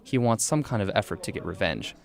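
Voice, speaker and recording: Low-voiced male radio reporter. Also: animated, a little fast. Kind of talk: scripted news feature narration.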